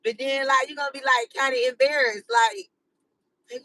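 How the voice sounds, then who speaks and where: A woman's voice: sits high, fairly even intonation, moderate pace, sharp tone, low-quality recording. A woman hosting her channel, chatting casually with live viewers in a slangy, rambling way full of "like" and "you know.". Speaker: channel host.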